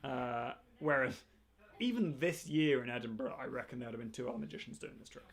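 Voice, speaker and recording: A man's voice: medium pitch, a little fast. A man co-hosting a live rewatch of his old magic show, chatty and self-mocking as he banters with viewers. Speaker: magician co-host. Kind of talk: casual live-stream commentary.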